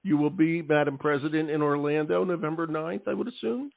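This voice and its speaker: A man's voice: a little high, fairly even intonation, fairly quick, vocal fry. A man hosting an education radio show, talking emphatically and checking in with "okay?" and "all right" as he makes his points. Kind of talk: casual interview talk. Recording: tinny phone-like line.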